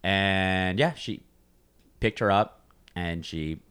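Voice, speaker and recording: Deep-voiced young man telling a story. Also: slow, fairly bright tone, clean tone. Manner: loose, profane, rambling with many "like"s. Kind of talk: casual storytelling chat.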